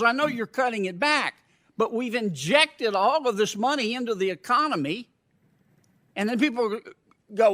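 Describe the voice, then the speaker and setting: High, bright-voiced blunt senator. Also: male voice, lively intonation, moderate pace. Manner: folksy, blunt, rhetorical. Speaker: senator questioning a witness. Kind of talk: congressional hearing questioning.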